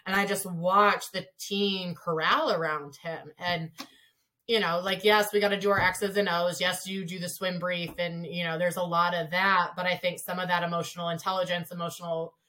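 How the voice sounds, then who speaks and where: A woman's voice: lowish voice, normal speed. A woman who coaches swimming and diving, talking casually in an interview and telling stories in a chatty way with many filler words. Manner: chatty, frequent "like" fillers, lively retelling.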